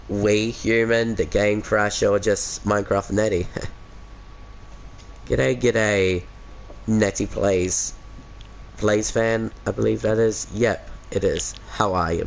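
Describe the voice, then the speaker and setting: Australian man, casual streamer, lowish voice, laid-back, chuckling, headset mic. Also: creaky, a little hiss or hum. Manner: laid-back, chuckling, calls everyone mate. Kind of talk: casual live-stream chat with viewers.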